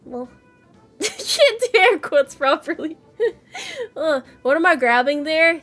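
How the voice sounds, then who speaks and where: A woman chatting casually with her stream viewers, playful and quick to giggle. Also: sits high, sing-song, fairly bright tone, soft background music. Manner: playful, giggly, answers chat with bursts of laughter. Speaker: virtual streamer.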